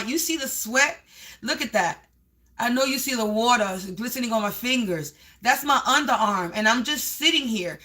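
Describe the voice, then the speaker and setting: Bright, high-voiced woman giving an emphatic reading. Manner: emphatic, repetitive, breaks into yelling. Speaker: spiritual reader. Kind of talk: live tarot-style energy reading.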